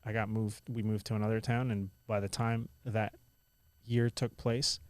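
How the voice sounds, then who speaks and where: A young man from India who now speaks with an American accent, telling stories as a guest in a casual interview, animated and full of "like". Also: lowish voice, normal speed, no room sound. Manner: animated, lots of "like" and "I was like" quotes.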